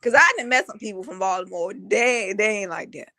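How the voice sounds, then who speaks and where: A woman co-hosting a casual reaction stream, talking in a hesitant, halting way and laughing often. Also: mid-range voice, pushed and bright, no room sound.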